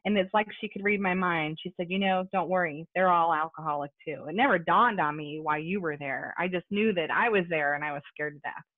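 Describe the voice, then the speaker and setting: A woman's voice: fairly low pitch, brisk, hardly any pauses, no echo. A woman telling her recovery story at a support meeting held over a video call, talking conversationally with lots of fillers and asides. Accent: American. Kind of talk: personal testimony at a support meeting. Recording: tinny phone-like call audio.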